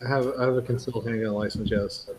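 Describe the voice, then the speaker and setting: A man's voice: mid-range voice, steady tone, fast, a crowd in the background, low-quality recording. A man in a casual live chat on a video call, with a dry, sarcastic way of joking. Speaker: live stream participant.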